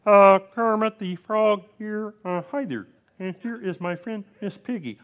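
A man doing an impression of a cheerful cartoon frog puppet in a high, thin, warbly voice. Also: measured pace, fairly bright tone, muffled recording. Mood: chipper.

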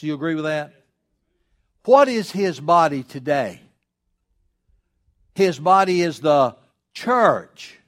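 Brief: pastor, slightly high-pitched man, preaching hard and slowing words for stress. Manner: emphatic, with rhetorical questions and slowed stresses. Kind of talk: sermon.

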